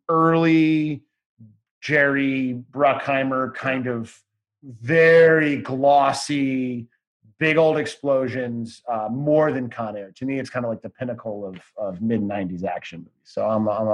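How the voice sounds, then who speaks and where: Guy rambling excitedly on a podcast, mid-pitched voice, swears a bit. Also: measured pace. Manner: rambling, enthusiastic, swears casually. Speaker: guest. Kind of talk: casual podcast chat.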